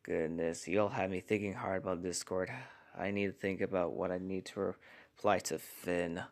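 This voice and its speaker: A man reads viewer comments aloud in a casual vlog, keeping his voice low and hushed. His voice sits very low and has a gravelly fry. He is recording in his garage at home. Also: little pitch movement, normal speed. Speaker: channel host reading viewer comments.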